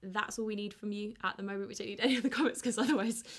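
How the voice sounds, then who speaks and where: A woman's voice: medium pitch, fairly even intonation, rapid-fire. A woman hosting a casual online quiz, reading out answers with chatty, teasing asides. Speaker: quiz host.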